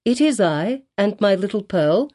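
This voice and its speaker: Brief: woman narrator as calm dignified colonial mother, mellow, formal old phrasing, audiobook. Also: medium pitch, a little slow.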